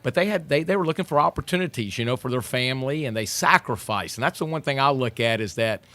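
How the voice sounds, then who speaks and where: A man's voice: medium pitch, fast. Southern guy chatting laid back in an interview, stumbles and restarts a lot. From Texas. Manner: relaxed storyteller, repeats words as he restarts. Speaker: restaurateur guest. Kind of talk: casual interview conversation.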